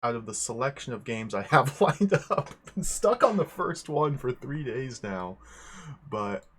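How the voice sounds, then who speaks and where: A man's voice: mid-range voice, sing-song, unhurried, fairly bright tone, slight background noise. A young man hosting a livestream, chatting casually, greeting viewers one by one and often rambling and correcting himself. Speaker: livestream host.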